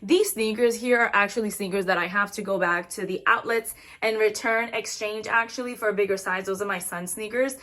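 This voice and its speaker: Young woman, casual closet vlog, chatty, slangy, breathless, home closet, mid-pitched voice. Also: brisk, hardly any pauses, pushed and bright. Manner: chatty, slangy, drops Spanish phrases. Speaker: vlogger. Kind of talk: casual chat.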